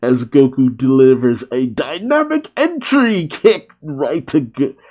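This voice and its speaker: A man's voice: medium pitch, expressive, takes it slowly, darkish tone, muffled recording. A man casually recapping a comic chapter and reacting, laughing often.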